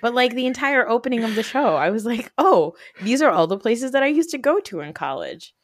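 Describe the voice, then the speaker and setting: A woman in her thirties with a New Jersey accent, hosting a podcast in animated, casual chat full of fillers and swearing. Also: fairly high pitch, brisk, dry recording, clean studio sound. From North Jersey, USA. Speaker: podcast host.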